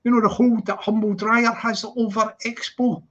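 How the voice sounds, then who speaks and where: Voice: medium pitch, flat delivery, moderate pace, fairly bright tone. A live commentator, rambling and repeating themselves, full of "you know what I mean". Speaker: livestream commentator. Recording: lo-fi livestream audio.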